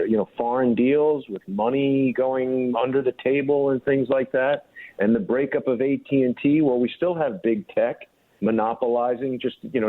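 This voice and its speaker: A man joining a political radio talk show as guest co-host, speaking in a loose, conversational way. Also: mid-range voice. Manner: conversational, loose, with "you know" fillers and restarts. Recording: tinny phone line.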